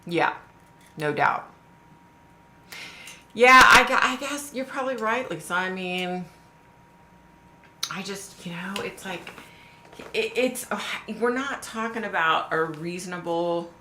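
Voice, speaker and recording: Woman, live-stream host, blunt, swears a lot, repeats her questions, lowish voice, bright tone, echoey room, faint noise. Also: takes it slowly, pauses often. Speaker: livestream host. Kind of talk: casual live chat reading viewer comments.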